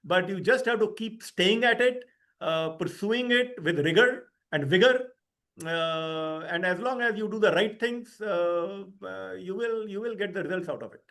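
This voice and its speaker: A man, a company executive, answering investor questions on a call in a measured way, with many pauses and fillers. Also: high voice, fairly bright tone.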